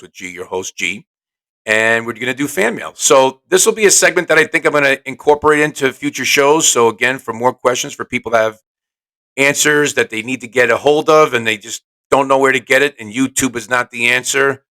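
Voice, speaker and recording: Brief: chatty male podcast host, salesy and brash, mid-pitched. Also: bright, forceful tone, rough recording. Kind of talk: casual solo podcast talk.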